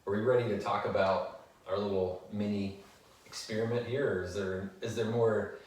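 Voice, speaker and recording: A relaxed man chatting as a podcast co-host, quick to laugh and joke. His voice is on the low side, and he sounds set back from the mic in a ringing room. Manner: laid-back, jokey, laughs easily. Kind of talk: casual chat. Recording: echoey room, mic at a distance.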